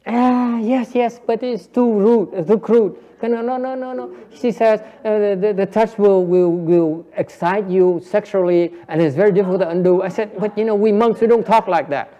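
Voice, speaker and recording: A man's voice: sits high, fairly even intonation, moderate pace, few pauses, dark tone, highs cut off. A Buddhist teacher giving a Dharma lecture, playfully coaxing his class and switching between English and Vietnamese. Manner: frequent laughter and repeated "yes, yes".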